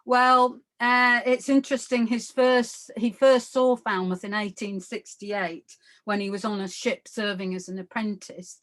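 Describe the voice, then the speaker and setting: A woman's voice: a little high, little pitch movement, measured pace, a bit bright. A woman giving an art history lecture in a conversational way, full of fillers and asides, often checking in with her listeners. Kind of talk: illustrated lecture.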